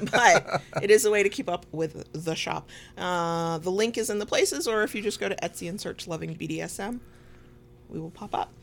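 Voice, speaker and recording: A woman's voice: fairly low pitch, fairly bright tone. A woman with a Southern American accent co-hosting a podcast in casual chat, rambling through asides and laughing often. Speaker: podcast co-host. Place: home recording room.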